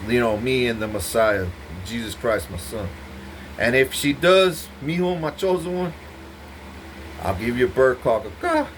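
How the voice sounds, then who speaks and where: A man's voice: medium pitch, unhurried, slight background noise. A man giving an intense, profane, rambling monologue to the camera, repeating himself as he goes. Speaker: vlogger speaking to camera.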